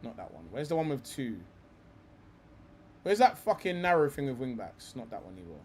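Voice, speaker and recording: A man's voice: mid-range voice, very animated, moderate pace, a little mellow, slight background noise. A young man hosting a live stream, talking football in a rambling, heated way, swearing often and calling people bro.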